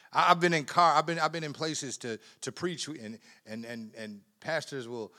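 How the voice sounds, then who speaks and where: A man preaching a sermon in a conversational way, repeating words, laughing often, and swinging from quiet asides to loud emphatic bursts. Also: a little high.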